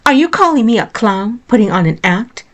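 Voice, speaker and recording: A woman's voice: mid-range voice, moderate pace, lightly acted. Woman doing a haughty concubine, scornful, mocking, storybook. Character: haughty, spiteful royal concubine. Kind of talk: storybook reading.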